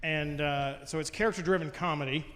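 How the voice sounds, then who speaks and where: A man's voice: fairly high pitch, steady tone, brisk, a bit bright. A middle-aged man, an actor and family comedy performer, explaining his work earnestly as a talk show guest. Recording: live venue with long reverb.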